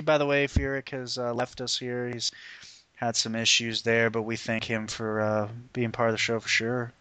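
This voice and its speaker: A man's voice: medium pitch, smooth, no room sound. Brash, profane podcast host man. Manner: profane, emphatic and opinionated; animated, often mimics people mid-story. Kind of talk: casual podcast chat.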